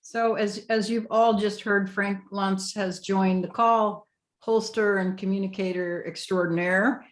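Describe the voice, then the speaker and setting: A woman hosting a members' video call in a friendly, brisk manner. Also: medium pitch, steady tone, echoey room, low-quality recording. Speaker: meeting host.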